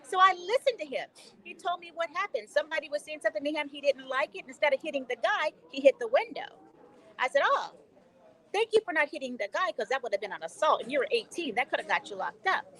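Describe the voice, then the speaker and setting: On a talk show, a woman in her sixties, there as a guest educator, tells stories in a conversational way, animated and emphatic, quoting her own lines of dialogue. Her voice is high and quick, and the recording is rough.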